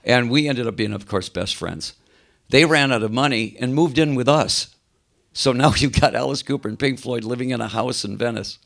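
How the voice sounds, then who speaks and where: Older male rock singer, gravelly, animated storyteller on a video call. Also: mid-range voice, moderate pace. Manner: animated anecdotes, acts out quoted voices. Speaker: interview guest, rock singer. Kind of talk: casual storytelling interview.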